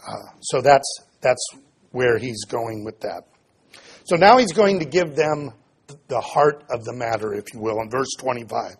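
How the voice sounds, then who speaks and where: A man preaching an expository sermon, reading scripture aloud and then explaining it with pauses and fillers. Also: mid-range voice, expressive, breathy edge. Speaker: pastor.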